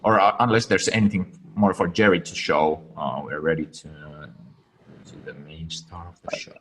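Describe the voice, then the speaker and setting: Deep-voiced, chatty man co-hosting a webinar. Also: steady tone, noisy background. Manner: chatty, self-deprecating, halting restarts. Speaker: webinar co-host. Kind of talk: casual webinar talk.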